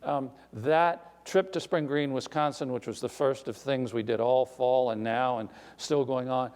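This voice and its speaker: Older man, animated storyteller in a hall. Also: mid-range voice, unhurried, clear, resonant tone. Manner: animated, self-deprecating storyteller with restarts. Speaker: author. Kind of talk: live author conversation on stage. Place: recital hall before an audience. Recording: long hall reverb.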